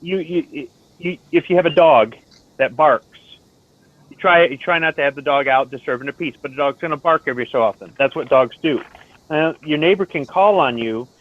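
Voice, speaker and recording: A man in casual chat who talks things through calmly and gives advice. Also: a little high, normal speed. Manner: calm, reasoning, advice-giving tone. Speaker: stream host. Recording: tinny phone-like line, dry.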